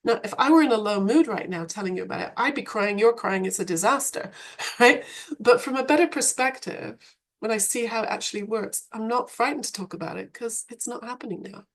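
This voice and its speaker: A woman guest on a podcast, telling her story in an animated, reflective conversational way, laughing now and then. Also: on the high side, brisk. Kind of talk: podcast interview.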